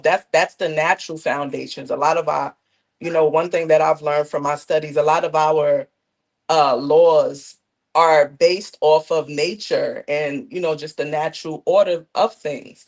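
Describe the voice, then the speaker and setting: A woman speaking as a guest in a discussion, reflective and loose, often dropping "you know" between thoughts. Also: deep voice. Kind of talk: conversational discussion.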